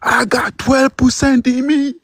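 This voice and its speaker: A man's voice: extremely high pitch, flat delivery, a little slow. A man in a heated online debate, confrontational and lecturing, with mocking jabs at his opponent.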